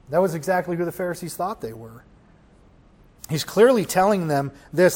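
A male pastor delivering a sermon in a fairly high voice. He swells from near-whispers to loud declarations and keeps asking the listeners questions. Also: lively intonation, moderate pace. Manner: preaching with swells from hushed to loud; rhetorical questions to the congregation.

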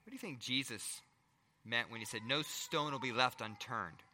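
A middle-aged male pastor preaching a sermon, firing rhetorical questions and swinging between loud emphasis and hushed asides. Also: mid-range voice, moderate pace, in a large hall, slight background noise.

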